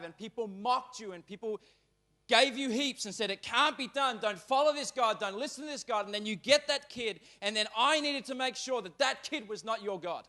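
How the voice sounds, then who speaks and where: A male pastor gives a sermon in church with a fairly high voice. He moves between reading scripture and loose, animated talk, often turning suddenly loud or quiet. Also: moderate pace.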